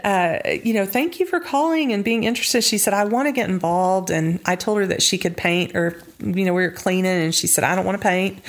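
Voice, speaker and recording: A middle-aged woman telling her story as a guest in a casual interview, animated and quick to laugh. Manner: animated, acts out quotes with high pitch jumps, laughs often. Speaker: nonprofit founder, guest.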